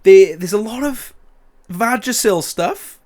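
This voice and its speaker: A man with a slightly high voice co-hosts a laid-back movie podcast. He laughs often and retells scenes with animated acted-out quotes. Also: slow pace. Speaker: podcast co-host. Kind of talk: casual film review chat.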